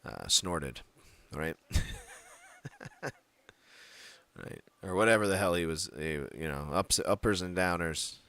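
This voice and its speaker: Podcast co-host, man, lowish voice, rambling jokey delivery, dry mic. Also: sing-song, slow, pauses often, a bit bright, dry recording. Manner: rambling, jokey, tries out silly accents. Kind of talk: casual wrestling chat.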